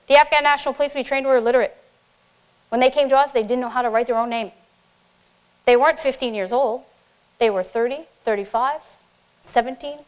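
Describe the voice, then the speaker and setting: A woman's voice: on the high side, clean tone. A woman, a military officer, giving an earnest, impassioned speech to a conference audience and repeating phrases for emphasis.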